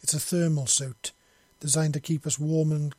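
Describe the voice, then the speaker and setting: A man's voice: on the high side, level tone, normal speed, warm tone, no room sound, natural voice. A man voicing a nervous young human soldier who speaks in an apologetic, anxious way.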